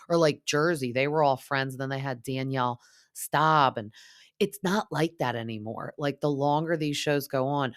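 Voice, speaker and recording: A young woman hosting a podcast, recapping reality TV in a chatty, gossipy way and quoting the cast in quick impressions. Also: extremely low pitch. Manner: chatty, gossipy, lots of "like", mimics cast members. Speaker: podcast host.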